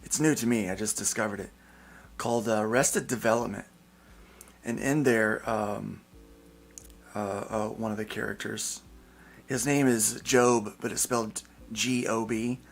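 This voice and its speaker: Gravelly joking male podcast host. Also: on the low side, fairly even intonation, a little slow. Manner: joking, rambling with fillers. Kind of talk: casual panel chat.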